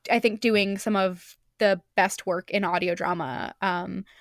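A woman's voice: medium pitch, fairly even intonation, measured pace, dry recording, clean studio sound. A woman hosting a casual podcast chat, enthusiastic, often restarting her sentences. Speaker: podcast host.

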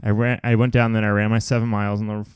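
A man co-hosting a podcast, telling stories in a lively, swearing, casual way. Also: on the low side, fast talker, clear, resonant tone, no echo, clean studio sound. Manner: animated, swearing storyteller. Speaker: podcast co-host. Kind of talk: casual chat.

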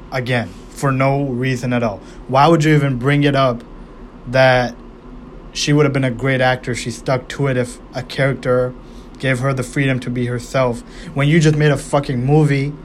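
A man's voice: mid-range voice, slight background noise. A man casually breaking down a movie, rambling and swearing, with lots of fillers and restarts. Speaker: movie reviewer.

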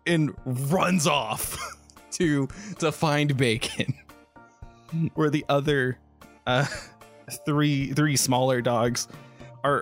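A man narrating a tabletop game as game master, halting and laughing often. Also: medium pitch, a bit bright.

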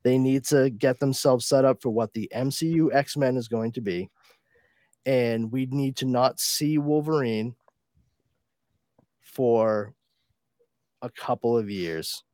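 A man's voice: mid-range voice, takes it slowly, pauses often, dark tone, no room sound. A man hosting a podcast, chatting casually about films, telling stories and swearing freely. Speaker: podcast host. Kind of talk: casual pop-culture chat.

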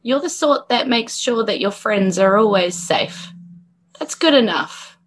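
A woman voicing a kind, spirited young woman adventurer who speaks gently and encouragingly, with a playful edge. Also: on the high side, lively intonation, unhurried, slight background noise, rough recording.

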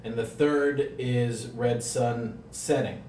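A man hosting a laid-back comics podcast, keeping the discussion on track in a calm, orderly way. His voice sits at an ordinary middle pitch and is picked up from a few feet off the mic. The room is echoey, with a faint hiss underneath. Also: recorded from a distance. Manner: steers the discussion, measured and orderly. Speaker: podcast host. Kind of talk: casual comics podcast chat. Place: room in a house.

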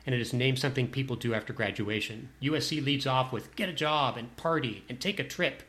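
A man's voice: medium pitch, fairly quick, a bit bright. A man telling a personal anecdote to a listener in a wry, self-deprecating way.

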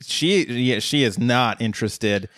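A man's voice: mid-range voice, a little slow, fairly bright tone, dry recording, studio quality. A man from Colorado co-hosting a casual show recap, full of fillers and restarts, self-deprecating. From Colorado, USA. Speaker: podcast co-host. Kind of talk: casual episode recap chat.

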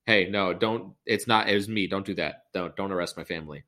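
A man's voice: deep voice, a little fast. Man doing a blunt defiant young hero. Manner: flat, blunt slangy replies.

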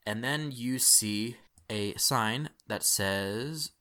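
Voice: mid-range voice, very slow, bright, forceful tone. A game master casually narrating a tabletop role-playing game, laughing often.

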